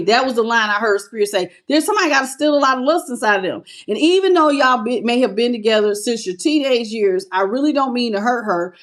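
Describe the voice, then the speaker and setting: A woman giving a live tarot reading, talking in an animated, conversational way and greeting viewers as they join. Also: on the high side. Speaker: tarot reader.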